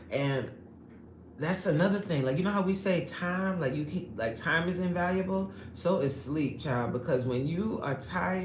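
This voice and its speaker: A woman hosting a casual live stream reads the chat, greeting viewers by name, laughing often and chatting animatedly. Her low voice is a little mellow, in a roomy recording with slight background noise.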